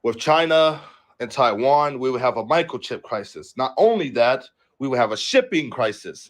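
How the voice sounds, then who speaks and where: Casual young male streamer, mid-pitched, profane and rambling, reads the news aloud and then comments on it. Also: lively intonation, normal speed. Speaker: livestream host.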